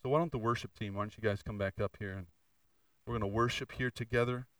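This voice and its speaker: A man preaching a sermon as pastor in a church, moving between fervent, raised passages and quieter, confessional asides. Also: lowish voice, steady tone, fast talker, clear, resonant tone, no room sound, recorded from a distance, low-quality recording. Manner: preaching with rising intensity and candid confession. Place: church sanctuary.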